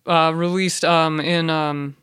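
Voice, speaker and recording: A man hosting a podcast, delivering an ironic comedic monologue in a rambling deadpan way with many fillers and restarts. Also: on the high side, takes it slowly, smooth, no room sound, studio quality. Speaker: podcast host.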